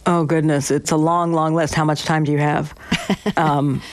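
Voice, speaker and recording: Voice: medium pitch, little pitch movement, moderate pace, no echo. A former police officer as a guest, recalling patrol stories in a reflective way with frequent restarts. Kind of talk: interview storytelling.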